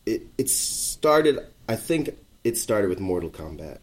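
A male singer-songwriter guesting on a radio show, laid-back and smooth. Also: lowish voice, sing-song, a little slow. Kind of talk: casual radio interview.

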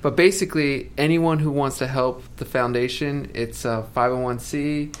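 A man appearing as a guest on a live call-in show, speaking haltingly with many fillers and restarts. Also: medium pitch, steady tone, smooth. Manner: halting, hesitant, filler-heavy. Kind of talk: radio interview.

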